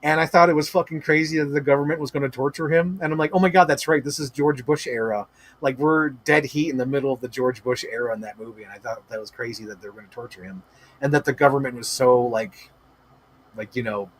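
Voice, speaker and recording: A man hosting a livestream, talking in excited, rambling casual chat full of swearing and filler words. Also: mid-range voice, quick pace, breathy edge. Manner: gushing, profane, rambling with many "like" fillers. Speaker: livestream host.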